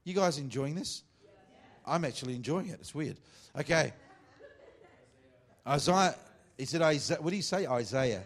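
On the high side and expressive, this man's voice carries a pastor's sermon that blends teasing, jokey asides to the congregation with emphatic preaching. His scripture reading is slow and deliberate.

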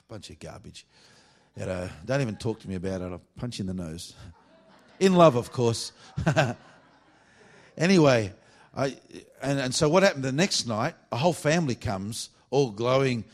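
Evangelist, male, preaching with animated, blunt storytelling. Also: medium pitch, normal speed. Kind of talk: sermon.

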